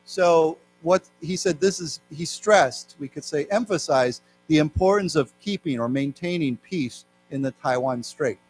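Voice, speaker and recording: A man with an American accent giving a live English lesson, reading news aloud slowly and explaining words to his class. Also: a little high, faint music behind. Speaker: English teacher. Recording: faint mains hum.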